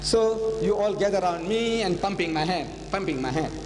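A man's voice: sits high, expressive, normal speed, long reverb tail, noisy background. An older man telling a story in a public lecture to a live audience, dramatic and repeating phrases for emphasis. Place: lecture hall.

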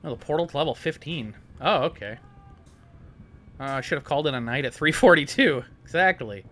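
A man's voice: fairly high pitch, animated, brisk, a bit bright. A tired man streaming a game at home, joking, swearing a lot and reading chat messages aloud. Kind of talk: casual let's-play chat.

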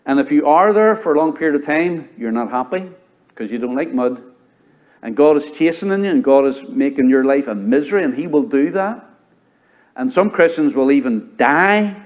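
A man with a Southern US accent preaching a sermon as pastor, rising to loud high exhortation and dropping to low, quiet emphasis. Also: lively intonation, normal speed, phone-quality sound. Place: church sanctuary.

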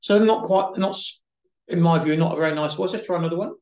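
A man leads a webinar and talks people through phone accessibility features. His voice sits a little high and he speaks patiently, sometimes repeating a word before going on. The sound carries in a reverberant room. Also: quick pace, a little mellow. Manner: patient, explanatory, repeats himself at times. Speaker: webinar presenter. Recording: echoey room.

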